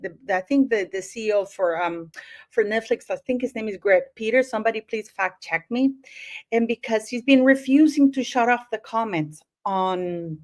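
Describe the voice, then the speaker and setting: Female livestream host, fairly high pitch, slow easy delivery, chatty with viewers. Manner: chatty, greets viewers by place, many fillers. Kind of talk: casual livestream chat.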